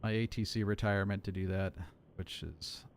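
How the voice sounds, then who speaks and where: A man's voice: deep voice, steady tone, moderate pace, vocal fry. A man in his late thirties, an air traffic controller, chatting casually on a live stream and explaining things through repeated examples. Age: 30s.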